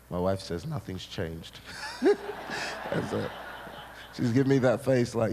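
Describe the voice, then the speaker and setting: Animated male preacher in echoey hall. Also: fairly low pitch, slow, long pauses. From Scotland. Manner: animated storyteller, punchy repetition, jokey asides to the crowd. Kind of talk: sermon. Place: large hall at a church seminar. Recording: echoey hall, faint noise.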